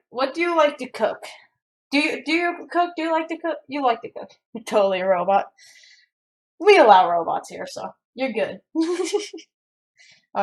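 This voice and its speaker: A young woman streaming herself as she cooks, chatting casually with her chat and rambling with frequent restarts. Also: high voice. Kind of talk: casual chat while cooking and reading chat. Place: home kitchen.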